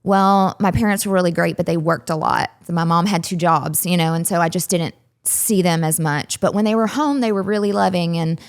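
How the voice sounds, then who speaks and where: A woman with a Southern US accent explains things clearly and patiently as an interview guest. Her voice sits a little low for a woman. She lays out each idea step by step. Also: moderate pace, hardly any pauses. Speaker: relationship coach and psychologist, guest.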